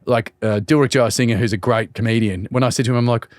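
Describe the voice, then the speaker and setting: A man's voice: medium pitch, steady tone, quick pace, darkish tone, no room sound, clean studio sound. A man with an Australian accent, a comedian guest telling funny stories in a casual podcast chat and acting out quotes. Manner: storytelling, acts out quotes in put-on voices.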